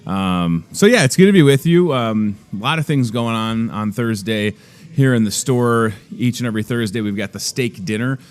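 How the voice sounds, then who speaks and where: A man's voice: mid-range voice, lively intonation, normal speed, clean tone. A man in his thirties hosting a live store segment, chatty and joking about himself as he talks with a guest. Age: 30s. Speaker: host. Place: inside a grocery store.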